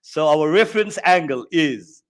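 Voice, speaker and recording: South African man, maths tutor on a live stream, higher voice, playful banter between steps. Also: lively intonation, moderate pace, clear, resonant tone. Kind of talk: online exam workshop. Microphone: online stream mic.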